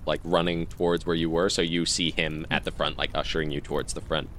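Man, game master, very low voice, faint hiss behind. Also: level tone, fast talker, a bit bright. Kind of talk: running a tabletop game.

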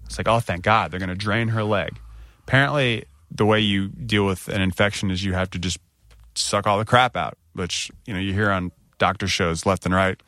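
A middle-aged man casually telling a self-mocking story, acting out other people's lines with big jumps in pitch. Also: fairly even intonation, moderate pace, bright, forceful tone, no room sound, studio quality.

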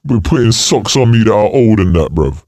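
A man voicing his own grumbling, overworked legs, low and slangy. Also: sing-song, fairly quick, a little mellow, no echo, studio quality. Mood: indignant. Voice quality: low gruff mutter, slangy. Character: grumpy overworked male legs, fed up.

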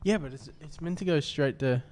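A man's voice: on the high side, a little fast, a little mellow, a little hiss or hum. A young man co-hosting a podcast, bantering casually and swearing. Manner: laid-back, swearing banter. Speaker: podcast co-host. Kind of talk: casual chat.

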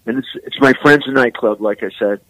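An older man from San Francisco, a musician guest, telling rambling, animated stories full of "man" and "you know.". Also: mid-range voice, brisk, no room sound, poor audio. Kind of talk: casual storytelling interview.

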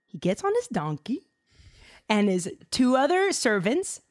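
A woman telling a story casually, animated and slangy with lots of fillers. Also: a little high, a little slow.

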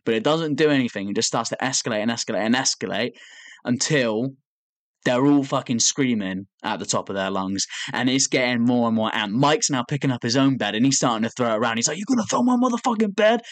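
Young male podcast co-host, animated sweary storyteller, average pitch, dry close mic. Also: fairly quick, no room sound. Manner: animated storytelling, swears a lot, acts out quotes. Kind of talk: casual chat.

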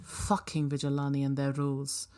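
A woman's voice: rumbling low, completely flat delivery, normal speed, a little mellow. Woman voicing a cursing, irritated official. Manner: irritated, swearing. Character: brusque male official in recorded messages.

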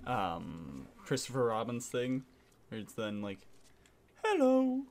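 A young man hosts a casual podcast, reading entertainment news between crude jokes and rambling asides. His pitch swings widely as he talks. A faint hiss sits under the recording. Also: animated, unhurried. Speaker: podcast host.

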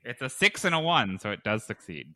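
Game master man, bright, smooth voice, dry close sound. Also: medium pitch, big pitch swings, fairly quick, no room sound. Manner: hesitant, amused rulings full of ums. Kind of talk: running a tabletop game.

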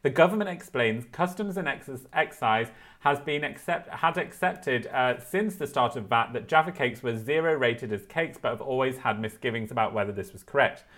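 A young man co-hosts a podcast in easy conversation, reading news aloud and breaking off for wry, playful asides. His voice sits at an ordinary middle pitch for a man. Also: normal speed, hardly any pauses, fairly bright tone. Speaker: podcast co-host.

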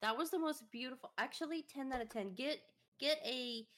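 A woman's voice: high voice, normal speed, fairly bright tone. A woman co-hosting a podcast, reacting playfully and giggling in a casual chat while playing a video game. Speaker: podcast co-host.

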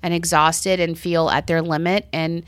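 A woman's voice: on the low side, flat delivery, moderate pace, dry recording. A middle-aged woman co-hosting a casual talk show, speaking earnestly and acting out her stories. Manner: chatty, earnest, acts out stories. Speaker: co-host. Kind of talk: casual chat.

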